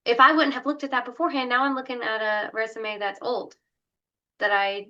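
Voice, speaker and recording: A woman's voice: a little high, little pitch movement, brisk, pushed and bright, lo-fi sound. A woman co-hosting a casual podcast chat, giving upbeat, enthusiastic advice about hiring in dental offices. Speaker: co-host, dental recruiter.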